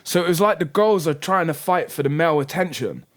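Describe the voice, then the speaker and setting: This young man co-hosts a podcast, his voice on the high side and his delivery brisk. In casual chat he spins animated stories packed with slang, swearing, and acted-out voices.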